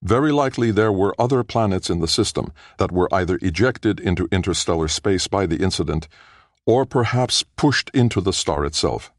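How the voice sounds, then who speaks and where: Man voicing a flat ship's computer, bland, unflappable, a bit raised in pitch, storybook reading, dry sound. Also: moderate pace, no echo.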